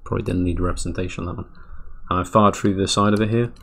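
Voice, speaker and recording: A man's voice: low-pitched, steady tone, very fast, creaky, a bit bright. A man streaming while he draws, chatting in a rambling, dry way and often cutting himself off. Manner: rambling, self-interrupting, dry. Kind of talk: casual chat while drawing.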